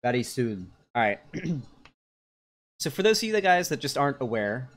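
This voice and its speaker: A man's voice: mid-range voice, very animated, moderate pace. A young adult man streaming live, giving casual, rambling reaction commentary full of fillers and restarts.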